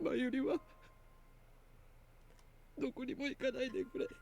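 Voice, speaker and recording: A man's voice: very high-pitched, fairly even intonation, fairly quick, creaky, darkish tone, soft background music. An actor playing an anguished young man, pleading through tears in a game. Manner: choked, pleading. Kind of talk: Japanese game voice acting.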